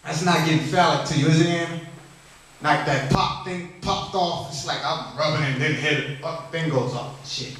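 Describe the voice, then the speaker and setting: High-voiced man doing profane stand-up, echoey club. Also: normal speed, fairly bright tone. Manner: profane, rambling storytelling with crowd work. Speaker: stand-up comedian. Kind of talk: open mic stand-up comedy. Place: comedy lounge stage. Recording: echoey room, mic at a distance.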